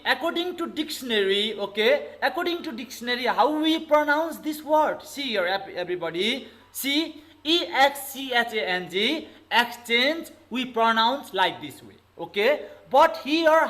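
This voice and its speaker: A man's voice: extremely high pitch, lively intonation, normal speed, hardly any pauses, a bit bright, rough recording. Nepali male teacher drilling his class. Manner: repetitive, keeps calling on the class with okay and everybody. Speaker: English teacher. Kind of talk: online classroom lesson.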